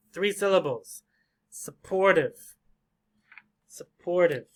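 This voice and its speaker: A man teaching an English vocabulary lesson, slowly repeating and drilling each word for learners. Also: a little high, lively intonation, noisy background. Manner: slow, repetitive drilling of words.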